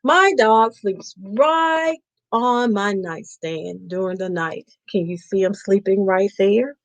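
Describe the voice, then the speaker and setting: A woman's voice: medium pitch, slow, low-quality recording. A woman host reading a picture book aloud to children on a live stream, playfully stopping to ask them questions.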